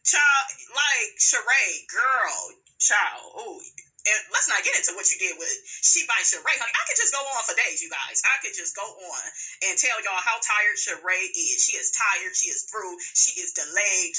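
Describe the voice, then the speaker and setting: A woman hosting a reality TV recap, gossiping casually with sassy put-downs and playful asides to her viewers. She drags some words out slowly for emphasis. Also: mid-range voice, lively intonation, bright, forceful tone, low-quality recording.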